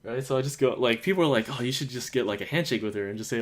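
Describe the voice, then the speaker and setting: A man's voice: medium pitch, fast. A young man from the United States telling stories in a casual podcast chat, rambling with lots of fillers and acting out quotes. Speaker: podcast host.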